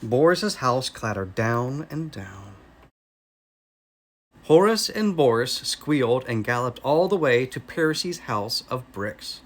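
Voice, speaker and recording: A man with an American accent and a mid-range voice reads a children's story aloud, slowly and expressively.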